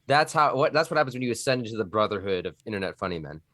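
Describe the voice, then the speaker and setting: A man's voice: lowish voice, expressive, racing, a bit bright, no echo. A man from Texas chatting loosely on a podcast, joking and sometimes sliding into a Texan drawl or a nerdy put-on voice. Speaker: podcast guest. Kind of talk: casual podcast chat.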